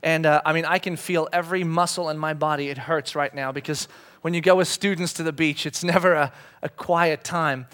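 A man in his thirties preaches in a loose, chatty way, full of fillers and jokes at his own expense. His voice sits a touch higher than most men's. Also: fairly even intonation, brisk, a bit bright. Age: 30s. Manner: chatty, self-deprecating storytelling with fillers. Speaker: pastor. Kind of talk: sermon storytelling.

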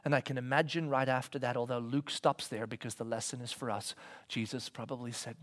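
A man giving a conversational sermon as a pastor, swinging from loud emphasis to soft whispers and asking his listeners questions. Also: mid-range voice, steady tone, fairly quick. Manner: conversational, asks the congregation questions.

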